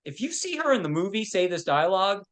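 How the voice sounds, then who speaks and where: A man's voice: high-pitched, big pitch swings, fast, fairly bright tone. A man who works as a film producer, a guest on a podcast, telling anecdotes in a loose way full of "you know". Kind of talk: casual interview chat.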